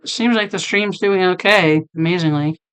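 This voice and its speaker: Female streamer, casual chat with chat; low, clear voice gone deep and hoarse from illness. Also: moderate pace. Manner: chatty, laughing, talks to chat by name. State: losing her voice, deep sick voice.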